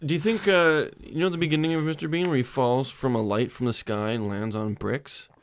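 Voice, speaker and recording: A man's voice: medium pitch, fairly even intonation, brisk. A man hosting a comedy podcast, chatting casually and joking with mock outrage. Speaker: podcast host.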